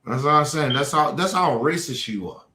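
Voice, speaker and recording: A man's voice: fairly high pitch, lively intonation, normal speed, pushed and bright. A man hosting a livestream, confronting trolls in the chat in a heated, profane rant. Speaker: livestream host. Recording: echoey room.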